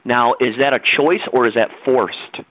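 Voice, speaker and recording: A middle-aged man holds forth on a radio talk show, preaching at his listeners in an insistent, lecturing tone. His voice sits at an ordinary pitch. The sound is dull and muffled, with no room echo at all. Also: measured pace. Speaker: guest.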